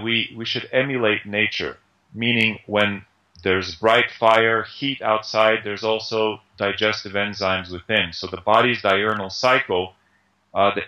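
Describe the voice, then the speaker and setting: Bright-voiced man explaining health tips. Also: on the low side, poor audio. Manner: conversational, uses everyday analogies, many fillers. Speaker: Ayurveda instructor, interview guest. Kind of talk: explanatory interview talk.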